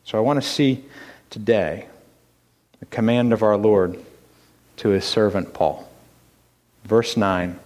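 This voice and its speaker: A man preaching a sermon as pastor to his congregation. He asks rhetorical questions and swings between hushed, whispered lines and loud, emphatic ones. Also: medium pitch, animated, a little slow, long pauses. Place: church sanctuary. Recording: long hall reverb.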